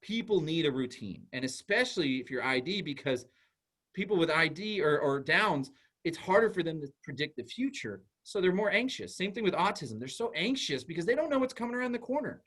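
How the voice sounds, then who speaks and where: A man speaking to parents in a relaxed, chatty way, his voice sitting a little high and swinging widely in pitch. He keeps slipping into quick acted exchanges to make his points. The tone is that of a school psychologist explaining things plainly. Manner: animated, conversational, acts out little dialogues. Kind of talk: informal talk to parents.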